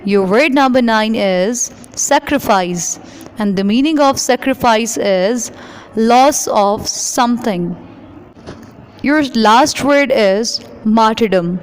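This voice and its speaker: A woman, an English teacher who reads a story aloud and then explains vocabulary to her students in a measured, instructive way. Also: fairly high pitch, smooth, rough recording.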